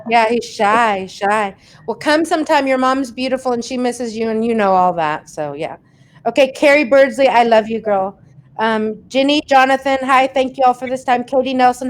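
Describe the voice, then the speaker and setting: A woman's voice: high voice, moderate pace. A woman hosting a casual livestream, chatting and reading viewer comments aloud, laughing often. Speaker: host reading viewer questions.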